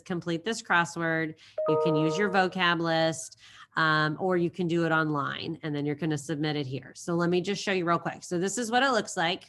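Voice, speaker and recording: A chatty woman teacher talking a class through a recorded lesson. Her voice sits a little low, and she likes to repeat key phrases as she goes. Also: a bit bright. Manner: chatty, storytelling with silly voices and repetition.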